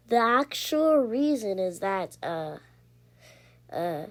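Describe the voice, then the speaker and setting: A woman giving casual, rambling commentary while she plays a game, breathing heavily and getting excited easily. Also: mid-range voice, slow pace, pauses often. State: heavy breathing. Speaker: gamer. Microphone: iPad.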